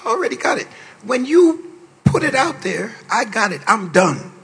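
A man's voice: sing-song, normal speed, vocal fry, slightly rough. Older man preaching in a large hall. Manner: playful, boastful asides, swings from low drawl to loud shouts. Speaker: bishop preaching at a pastors' conference. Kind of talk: sermon. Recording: long reverb of a large hall.

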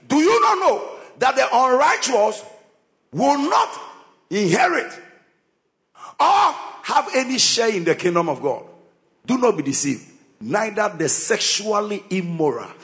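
A man preaching a sermon, impassioned, often shouting with sing-song cadences. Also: sits high.

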